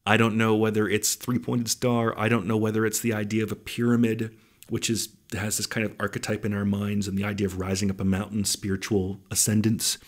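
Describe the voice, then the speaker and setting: A man's voice: on the low side, level tone, brisk. A man hosting a casual listener Q&A podcast, laid-back and rambling, swearing now and then, with his voice starting to go. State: losing his voice. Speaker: podcast host.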